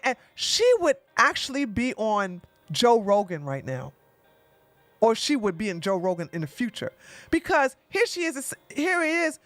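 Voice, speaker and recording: Brief: bright-voiced woman livestream host, exclamatory chatter, dry close mic. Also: a little high, no echo. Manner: chatty, exclamatory, thanks viewers by name. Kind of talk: casual livestream commentary.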